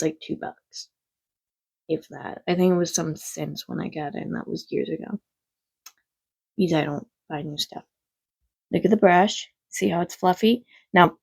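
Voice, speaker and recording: A woman's voice: on the low side, vocal fry, a little mellow, breathy edge. A woman chatting casually through a makeup tutorial at home, rambling and frank, with some swearing. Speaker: makeup vlogger. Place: quiet home.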